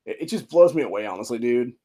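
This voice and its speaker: A man's voice: medium pitch, expressive, fast talker, mellow. A man hosting a political show, ranting heatedly and swearing constantly about local politicians. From Ohio. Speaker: podcast host. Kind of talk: angry political rant. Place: studio.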